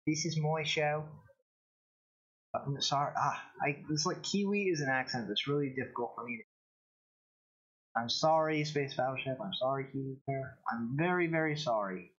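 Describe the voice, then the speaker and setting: A man hosting his own live-streamed show, talking casually in a rambling, halting way with many restarts. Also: mid-range voice, expressive, fairly bright tone, lo-fi sound. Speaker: show host.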